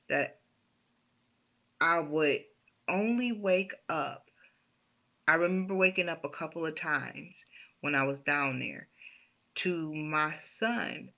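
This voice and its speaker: A woman telling a personal story in a halting way, often restarting her sentences, on a dull lo-fi recording. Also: deep voice, gravelly, bright, forceful tone.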